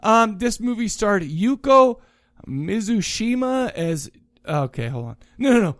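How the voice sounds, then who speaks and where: A high-pitched man riffs through a movie review on his podcast. He rambles, jokes and stumbles over foreign names, his voice dry and close. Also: sing-song, a little slow, dry recording. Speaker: podcast co-host. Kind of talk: casual comedic movie review chat.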